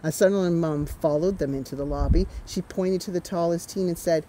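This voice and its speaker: Reading her picture book aloud at storytime, this Canadian author speaks briskly in a lowish voice with few pauses. She's animated and keeps chatting to the children between lines, against a noisy background.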